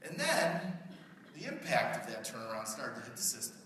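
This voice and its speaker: A man's voice: on the high side, huge pitch swings, normal speed, sharp tone, a little hiss or hum. A middle-aged man giving a conversational conference keynote, often asking the audience questions. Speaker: keynote speaker. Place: large conference hall. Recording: echoey hall recorded from far off.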